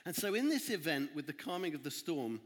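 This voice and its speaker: A man with a fairly high voice, telling a Bible story to children with lively, dramatic asides. His voice rings with a long reverb in a large hall. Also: fairly quick. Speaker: children's talk leader at church. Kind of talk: children's sermon and Bible reading. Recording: echoey hall.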